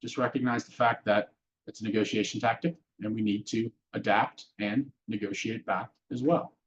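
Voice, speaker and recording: A man's voice: on the low side, fairly even intonation, normal speed, lo-fi sound, a little hiss or hum. Man lecturing a class, questioning. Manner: conversational, asks the audience questions. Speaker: real estate instructor.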